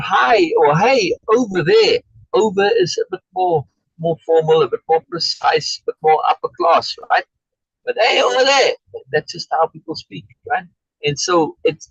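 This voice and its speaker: A man's voice: sits high, creaky, a bit bright, husky, no echo, highs cut off. A man leading an online Shakespeare reading group and explaining in casual chat, restarting often and checking in with "right?" as he reads out chat comments. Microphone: video call.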